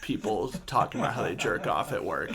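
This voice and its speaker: A man's voice: on the low side, lively intonation, a little fast, crowd noise. A man hosting a podcast, asking questions and teasing his guests bluntly. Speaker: podcast host. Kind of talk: casual podcast chat.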